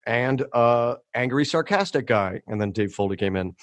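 A middle-aged male comedian in a casual podcast chat, telling animated stories, laughing often and acting out quotes. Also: medium pitch, normal speed, no echo, clean studio sound. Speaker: comedian guest.

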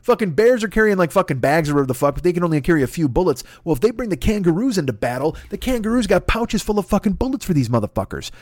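A man's voice: high-pitched, sing-song, rapid-fire, hardly any pauses, a little mellow, no echo. A man hosting a comedy podcast, riffing through a profane, rambling monologue and sliding into silly voices. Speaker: podcast host.

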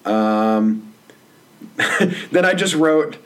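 A man's voice: medium pitch, expressive, normal speed. A male podcast host in casual chat, rambling and jokey with many fillers.

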